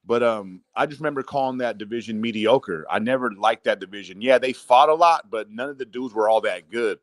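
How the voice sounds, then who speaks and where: A man's voice: medium pitch, fairly quick, dry recording. A man hosting a casual chat, giving blunt opinions with casual swearing.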